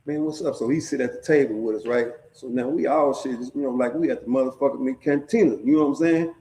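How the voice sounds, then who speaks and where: A middle-aged man with a mellow, mid-range voice tells prison stories quickly and casually. He's streetwise and profane, often checking in with his listeners. The room is echoey.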